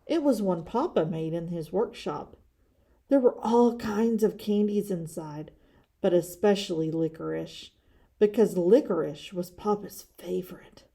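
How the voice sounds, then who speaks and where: Woman reader, children's book, slow, expressive, mellow. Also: lowish voice, vocal fry. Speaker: story reader. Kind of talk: children's storybook reading.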